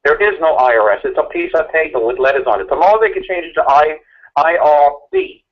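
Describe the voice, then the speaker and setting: A man's voice: fairly high pitch, expressive. A man ranting and arguing in a repetitive, mocking way as a guest on a call-in talk show. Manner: rapid, repetitive, mocking, argumentative. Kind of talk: impassioned ranting chat. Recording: tinny phone line.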